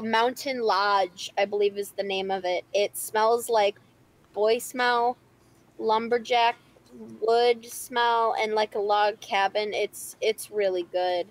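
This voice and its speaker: A woman's voice: mid-range voice, rough recording. A woman chats casually on a live stream, reading out viewer questions and answering them. Her talk is playful and rambling, full of giggles and "um"s. She sounds like she is in a home studio. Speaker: stream co-host reading chat.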